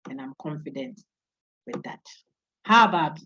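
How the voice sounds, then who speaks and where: A woman's voice: low-pitched, animated, measured pace, pushed and bright, a little hiss or hum. A woman giving an online university philosophy lecture, coaching students to repeat names after her. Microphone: video call. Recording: dull lo-fi online call audio.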